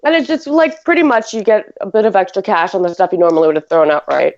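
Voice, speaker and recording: A woman hosts a casual podcast, talking in a loose, rambling way full of fillers and quick giggles. Her voice sits at an ordinary pitch. The audio is a bit dull and lo-fi. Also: darkish tone. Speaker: podcast host. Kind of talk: casual chat.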